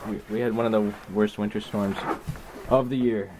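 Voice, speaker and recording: A man's voice: lowish voice, fairly even intonation, moderate pace. A man casually explaining in a family vlog, matter-of-fact, speaking outdoors beside a snowy driveway. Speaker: husband and father. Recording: far from the camera, noisy.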